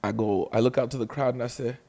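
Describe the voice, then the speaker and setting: A man from Canada, a comedian guest telling an animated anecdote, acting out the voices of others and often laughing. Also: mid-range voice, quick pace, vocal fry, in a large hall. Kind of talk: storytelling anecdote.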